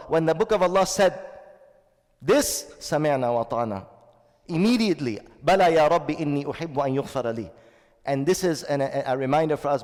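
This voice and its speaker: A man's voice: a little high, a little mellow, long reverb tail. A man delivering a sermon as a shaykh, earnest and repeating his key phrases, with stretches of Arabic recitation. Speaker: shaykh giving a Ramadan talk.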